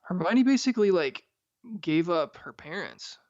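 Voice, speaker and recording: A man co-hosting a book podcast talks in a relaxed, easygoing way. His voice is gravelly and a little high. The recording is dry and a bit dull in tone. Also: normal speed, dry recording. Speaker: podcast co-host. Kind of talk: casual book-discussion chat.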